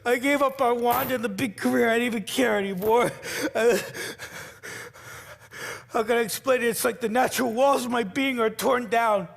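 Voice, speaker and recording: A man delivering a confessional, halting monologue on stage in a one-man musical, often stammering as he restarts his sentences. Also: very high voice, creaky. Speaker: solo stage performer.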